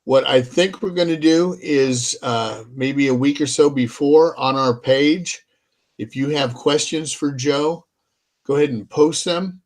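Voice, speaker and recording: A man hosting a show in casual chat, easygoing and hesitant, with many pauses and fillers. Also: medium pitch. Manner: easygoing, hesitant, lots of ums. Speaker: podcast host.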